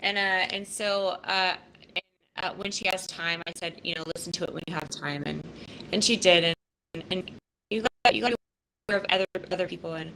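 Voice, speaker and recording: A woman in her fifties talks on a live podcast, her voice bright and edged with tension. She is blunt and profane, circling back and restarting as emotion pushes close to tears. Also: lowish voice, brisk, gravelly, slight background noise, low-quality recording. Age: 50s. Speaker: podcast host. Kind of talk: casual live podcast talk.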